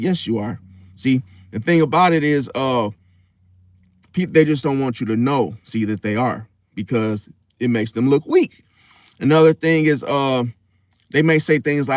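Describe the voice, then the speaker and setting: A young man with a fairly high voice and lively intonation gives a casual astrology monologue at normal speed, with no room sound. Blunt and profane, he leans on "see?" for emphasis and frequently restarts mid-thought.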